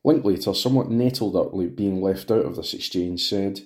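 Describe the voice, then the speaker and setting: Low-voiced male narrator. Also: normal speed, a little mellow. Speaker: audiobook narrator. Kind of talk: scripted narration.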